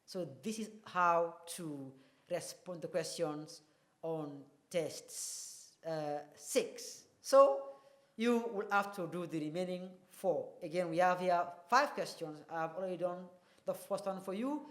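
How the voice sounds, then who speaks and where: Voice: mid-range voice, slow pace. A teacher leads a televised English lesson, explaining each point and then asking the class rhetorical questions. The voice carries a roomy echo.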